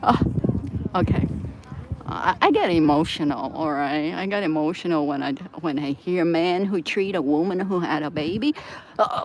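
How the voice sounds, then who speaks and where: A woman's voice: lowish voice, sing-song, normal speed, a little hiss or hum. A woman live-streaming from an outdoor seaside plaza, chatting in a rambling way, laughing often and breaking into sudden outbursts.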